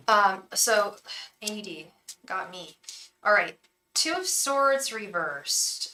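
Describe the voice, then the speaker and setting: Woman tarot reader on a live stream, frank and chatty, bright voice, sitting back from the mic. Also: medium pitch, distant mic, rough recording. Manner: frank, chatty, swears casually.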